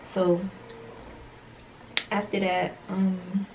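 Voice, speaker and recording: A young woman vlogger telling a storytime tale casually, acting out the dialogue with slangy, animated delivery. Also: on the low side, drawn-out words, far from the mic, noisy background.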